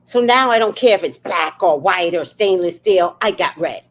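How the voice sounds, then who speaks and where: Her voice is lowish and her speed normal as this woman hosts a livestream. She tells stories in a relaxed, lively, talkative way.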